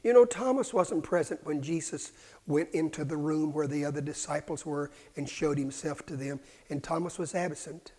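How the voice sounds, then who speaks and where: A man preaching a sermon, dropping to hushed whispers and rising to loud, fervent cries. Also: fairly high pitch, moderate pace.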